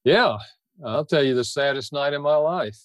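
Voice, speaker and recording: A man's voice: a little high, moderate pace, dry recording. An older man speaking as a podcast guest, telling a personal story in an earnest, heartfelt way.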